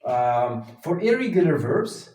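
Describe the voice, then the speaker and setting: A man teaching an English grammar lesson at a whiteboard, talking slowly and haltingly, with many fillers and restarts. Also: fairly high pitch, big pitch swings, dark tone, distant mic. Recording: echoey room, voice from off the mic.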